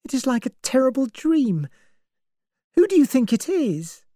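A woman reading an audiobook, voicing an anxious, thoughtful young woman in a high breathy tone. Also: big pitch swings, unhurried, mellow, no room sound, clean studio sound, heavily acted. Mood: worried. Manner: worried, reasoning aloud.

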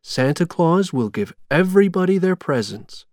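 A storybook narrator voicing a kind, shy female ragdoll who speaks gently and reassuringly. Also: mid-range voice, sing-song, moderate pace, no echo, clean studio sound, pitched above the performer's own voice, natural voice.

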